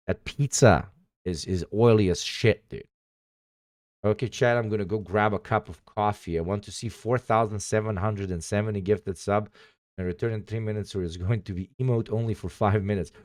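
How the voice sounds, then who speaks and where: A man's voice: fairly low pitch, steady tone, normal speed, a little mellow, dry recording, clean studio sound. A man livestreaming, chatting casually with his viewers in a profane, sarcastic way.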